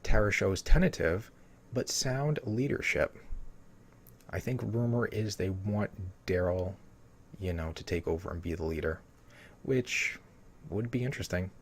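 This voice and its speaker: A man with a somewhat low voice talks through an upcoming episode in a loose, unscripted way. He reads lines from a summary and then wanders off on tangents. He fills every gap with "you know" and "um". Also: unhurried, pauses often, a little hiss or hum. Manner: rambling, heavy with "you know" fillers. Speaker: TV episode spoiler commentator. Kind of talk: casual spoiler rundown reading from a summary.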